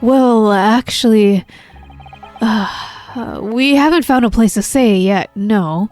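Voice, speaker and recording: A woman voicing a nervous, earnest young male lawyer in a lowered voice. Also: slow pace, darkish tone, faint music behind. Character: anxious young Japanese lawyer, man.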